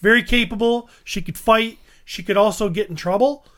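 A man's voice: high-pitched, normal speed, a bit bright. A man co-hosting a casual movie review chat, rambling and repeating words as he searches for his point. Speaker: podcast co-host.

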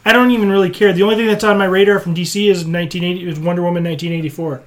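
A man's voice: sits high, steady tone, very fast. A man co-hosting a casual podcast, rambling and blunt, often restarting his thoughts. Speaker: podcast co-host.

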